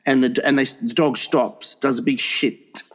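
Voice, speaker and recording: A man's voice: medium pitch, fairly even intonation, a little slow. A man co-hosting a crude comedy podcast, rambling through an absurd story with lots of fillers. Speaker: podcast co-host.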